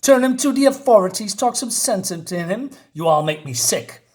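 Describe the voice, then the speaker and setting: A man's voice: fairly high pitch, expressive, normal speed, close to an everyday voice. A man voicing a furious, scornful warrior princess, reading her comic-book lines aloud.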